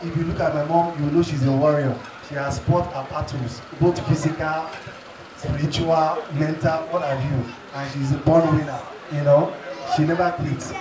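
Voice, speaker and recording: A man giving an earnest, emotional tribute to his mother at her birthday party. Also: a little high. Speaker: celebrant's child giving tribute. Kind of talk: heartfelt tribute speech. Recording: echoey hall from far off, crowd noise.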